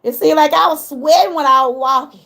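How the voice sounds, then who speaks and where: A woman's voice: high-pitched, fairly quick, fairly bright tone. A middle-aged woman with a Southern US accent, chatting casually with viewers on a livestream and getting emotional when she talks about her mother. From Georgia, US. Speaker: livestream host.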